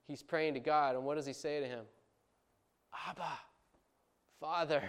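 A man in his thirties preaching a sermon as a pastor, in a conversational way full of asides. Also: a little high. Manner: conversational, many asides and fillers.

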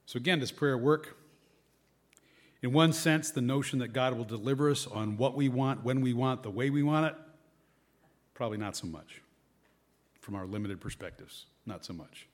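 Male preacher, mid-pitched, conversational sermon delivery, reads and reflects on scripture. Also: normal speed, long pauses. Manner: conversational, reads scripture aloud with varied emphasis.

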